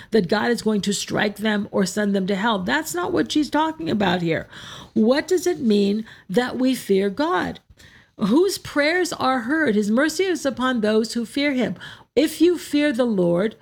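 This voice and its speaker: Gravelly-voiced woman teaching scripture. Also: on the high side. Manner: explanatory, poses rhetorical questions to listeners. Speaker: Orthodox Christian Bible teacher.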